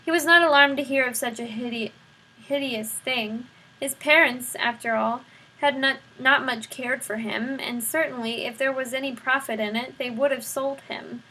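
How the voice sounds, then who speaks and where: Female storybook reader, high bright slightly husky voice, expressive, talks to the listener. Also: normal speed, rough recording. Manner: expressive, addresses the listener directly. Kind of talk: read-aloud children's novel narration.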